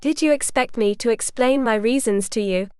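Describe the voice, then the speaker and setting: A woman reading the lines of a proud, teasing medieval warrior husband in an audiobook, calm and frank. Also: on the high side, normal speed, smooth, dry recording, studio quality, lightly acted.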